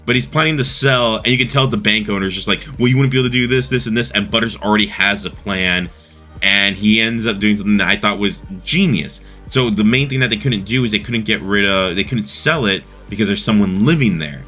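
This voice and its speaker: A man with a fairly low but bright, forward voice talks through an episode recap in loose, unscripted chat. He rambles and leans on fillers as he goes. Faint music plays underneath. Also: brisk. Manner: rambling, many fillers, laughs at own retelling. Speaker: show host reviewing a cartoon episode. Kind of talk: casual recap and review.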